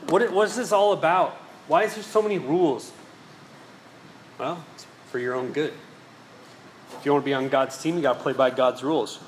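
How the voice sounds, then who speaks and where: This pastor's voice is a little high, and he preaches at a moderate pace with long pauses, telling stories and asking the congregation rhetorical questions. Slight background noise and faint ambience fill the echoey hall.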